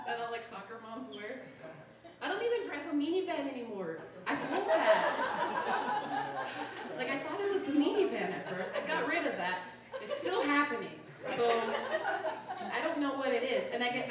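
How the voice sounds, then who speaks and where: A woman's voice: sits high, sing-song, moderate pace, crowd noise. A young woman from Utah doing a stand-up comedy set, chatty and sarcastic, with "like" in almost every sentence. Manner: chatty, sarcastic, says "like" constantly. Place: small comedy show venue. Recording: echoey room from far off with noise.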